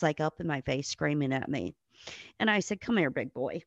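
A woman's voice: low voice, lively intonation, moderate pace, no room sound, highs cut off. Blunt, cursing woman telling stories. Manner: blunt and profane, acts out quoted people. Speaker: guest, nurse. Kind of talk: casual storytelling on a podcast.

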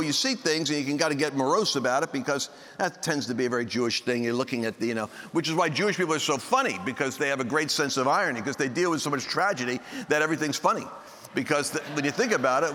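A man's voice: a little high, bright, forceful tone. A man preaching a sermon to a live audience, telling jokes and acting out the voices in his stories. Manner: joking storyteller who acts out quoted voices. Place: large meeting hall with a live audience. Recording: long hall reverb, faint background noise.

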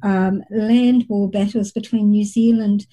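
A woman's voice: mid-range voice, steady tone, measured pace, dark tone, low-quality recording. A middle-aged woman working as a psychic medium, telling her experiences at length in a reflective interview. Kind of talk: conversational interview storytelling.

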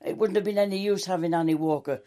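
A woman's voice: fairly low pitch, fast, dark tone. An older woman, a long-serving soap actress, chatting through anecdotes in an interview and acting out quoted dialogue. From England. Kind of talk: reminiscing interview.

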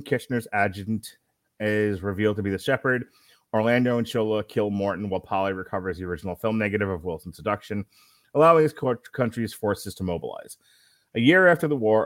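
Podcast co-host, male, lowish voice, halting plot read-through, dry close sound. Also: no room sound. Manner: halting read with self-corrections. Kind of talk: reading a film plot summary.

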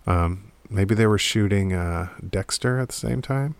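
Recorded dry, this movie commentator speaks on the low side and a little slowly. In a home room with a DVD rack behind him, he rambles casually and irreverently about a film for the camera, often swearing and laughing.

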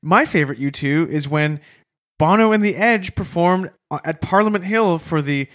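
A man's voice: on the high side, normal speed, a bit bright. A man co-hosting a comedy podcast, playful and mock-outraged in his banter. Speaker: co-host.

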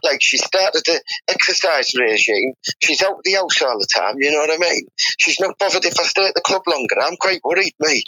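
A Teesside man with a husky, fairly high voice, rambling bluntly in slangy comic banter. His tone is very bright and edgy, and the sound is dry and close. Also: expressive, a little fast, no room sound, rough recording. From Teesside, England. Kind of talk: comic banter, improvised sketch.

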